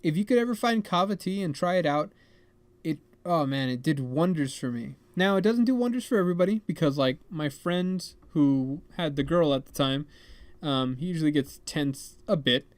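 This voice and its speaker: A man's voice: on the high side, moderate pace, dry recording. Rambling young man telling a story. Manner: rambling, animated, filler-heavy with "like" and "man". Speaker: podcast host. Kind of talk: casual storytelling.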